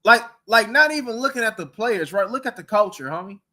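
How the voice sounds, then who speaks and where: A man rants on a sports talk show, piling up mocking rhetorical questions. His voice sits high for a man and comes out bright and forceful. He keeps the talk heated and rambling. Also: animated, brisk. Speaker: podcast host. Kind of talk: casual sports talk rant.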